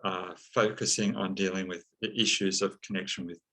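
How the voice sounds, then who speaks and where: A man speaking as an interview guest, slow and reflective, with many pauses and fillers. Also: low-pitched, steady tone, fairly bright tone, low-quality recording. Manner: slow, thoughtful, many ums and uhs. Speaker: psychologist and counseling teacher, guest.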